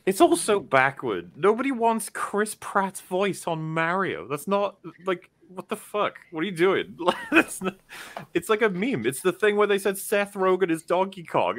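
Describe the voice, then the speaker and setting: Animated man with a lively voice. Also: high voice. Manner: animated, laughing, quick asides. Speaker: panel guest. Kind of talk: casual chat.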